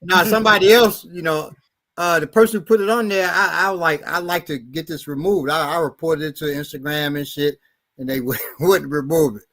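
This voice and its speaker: A middle-aged man hosting a podcast, telling stories in a blunt, profane, animated way. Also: fairly high pitch, fairly quick. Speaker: podcast host and martial arts instructor. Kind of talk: casual storytelling chat.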